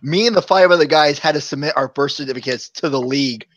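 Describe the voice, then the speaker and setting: A man's voice: fairly high pitch, quick pace, fairly bright tone, no echo. Rambling man telling stories, dull dry mic. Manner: rambling storyteller, chuckles often. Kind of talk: casual live chat.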